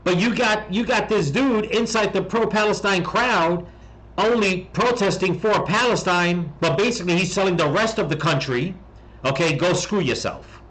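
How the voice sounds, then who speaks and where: A man in a rambling political commentary, talking bluntly and heatedly with plenty of swearing. His voice sits a bit high for a man, and he keeps restarting sentences and tacking on "okay?". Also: moderate pace, a bit bright, low-quality recording. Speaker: political commentary channel host.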